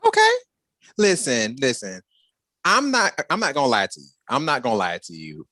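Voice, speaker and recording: A man co-hosting a podcast, talking in an animated, expressive storytelling way in casual chat. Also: medium pitch, normal speed, no echo. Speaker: podcast co-host.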